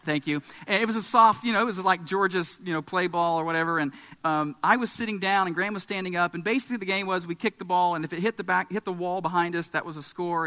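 A man in his thirties preaching a sermon, telling a family story in an animated way with emphatic rises. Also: high voice. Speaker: pastor. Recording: long hall reverb.

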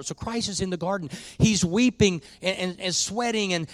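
Guy preaching a sermon, kinda high voice, goes quiet then gets loud, dry close sound. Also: a little fast, no echo. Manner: swings from quiet confiding to loud preaching peaks. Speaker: pastor.

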